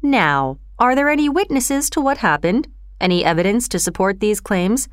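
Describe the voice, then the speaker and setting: Woman reading as a curt scornful old judge, smooth clear voice, lively pitch, storybook. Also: normal speed, no echo, clean studio sound, lightly acted. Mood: stern. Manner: curt and dismissive. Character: stern, scornful older male magistrate.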